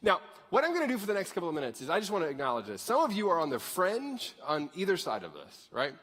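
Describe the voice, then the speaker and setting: Male pastor, bright high voice with wide swings, conversational and joking, preaching in a reverberant hall. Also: quick pace. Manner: animated, conversational, jokey. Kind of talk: sermon. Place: church sanctuary.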